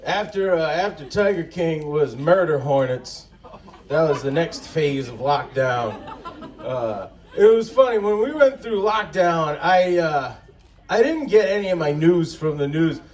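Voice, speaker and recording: A man's voice: fairly high pitch, measured pace. A man doing a crude, profane stand-up comedy set in an outdoor festival tent, telling his stories with exasperation. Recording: distant crowd recording with background noise. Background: audience laughter.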